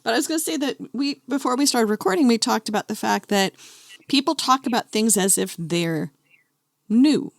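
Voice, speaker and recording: A woman's voice: a little high, lively intonation, moderate pace, gravelly, dry recording, studio quality. A woman hosting a podcast, talking conversationally and framing questions for her guest. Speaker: podcast host. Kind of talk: casual interview.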